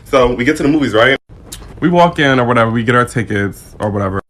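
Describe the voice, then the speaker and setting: A man with a mid-pitched voice tells a story about a date. He sounds laid-back and exasperated, with low-key sighs and asides. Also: lively intonation, fast talker, a bit bright. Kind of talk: casual storytime.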